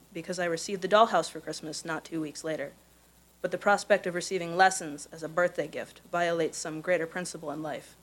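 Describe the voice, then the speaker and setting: A woman from Missouri reading her own personal essay aloud at a live event, in a measured storytelling voice. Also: fairly low pitch, rough recording. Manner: measured, careful storytelling delivery. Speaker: contest winner reading her own prose.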